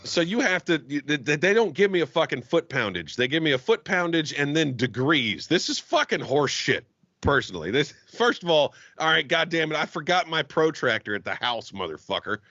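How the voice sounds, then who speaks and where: A man, an auto technician guest on a podcast, telling a story in casual chat with heavy swearing and animated ranting. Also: fairly high pitch, fairly quick, no echo. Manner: heavily profane, animated ranting. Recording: dull, dry lo-fi podcast audio.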